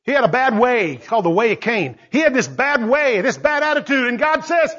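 A man preaching a sermon, emphatic and repetitive, swinging between soft asides and loud exclamations. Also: very high voice, expressive, fairly quick, hardly any pauses, highs cut off.

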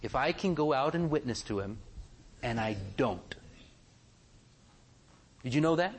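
Male preacher, slow and deliberate, faint hum behind. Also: mid-range voice. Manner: animated, asks the congregation many questions. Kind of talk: sermon.

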